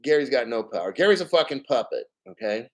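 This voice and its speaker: A man's voice: medium pitch, sing-song, quick pace. A man in his fifties hosting a crypto channel, chatting casually on a livestream. He swears freely and drifts off into rambling stories. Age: 50s. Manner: rambling, profane, storytelling.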